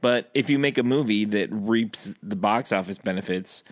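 A man's voice: fairly low pitch, normal speed, no room sound, clean studio sound. A man co-hosting a podcast, chatting casually and laughing often. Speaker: podcast co-host. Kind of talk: casual chat.

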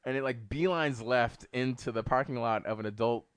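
A man telling a story in casual podcast chat, swearing freely and jumping into high, squeaky voices when he quotes people. His voice sits in a middle register and sounds dry and close to the mic. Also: a little fast, smooth, no room sound. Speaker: podcast co-host.

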